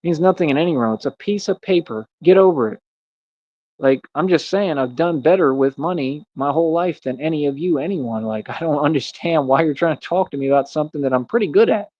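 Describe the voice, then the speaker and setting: Young man, rambling preachy stream talk, slightly high voice, dry dull lo-fi audio. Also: expressive, fairly quick, no echo. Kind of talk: casual livestream rant.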